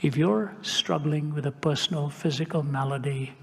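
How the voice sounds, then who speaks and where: Older man preaching with hushed whispers. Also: on the high side, normal speed, gravelly, big-room sound. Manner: dramatic shifts to a hushed whisper. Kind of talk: sermon storytelling.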